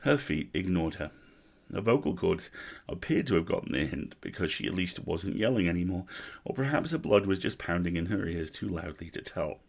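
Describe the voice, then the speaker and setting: A man reading a story aloud on a livestream, measured, with wry asides. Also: low voice, expressive, vocal fry. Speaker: story reader.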